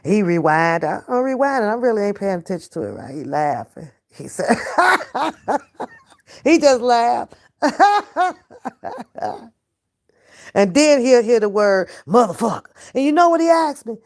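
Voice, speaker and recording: A woman's voice: a little high, sing-song, a little slow, pauses often, darkish tone. Profane, laughing woman ranting to camera. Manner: profane, laughing, talks straight at the viewer. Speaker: reaction vlogger. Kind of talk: casual to-camera rant.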